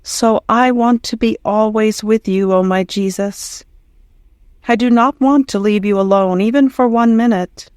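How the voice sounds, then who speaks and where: Slow prayerful woman reading aloud. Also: fairly high pitch, darkish tone, dry recording, clean studio sound. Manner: prayerful, unhurried. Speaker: audiobook reader.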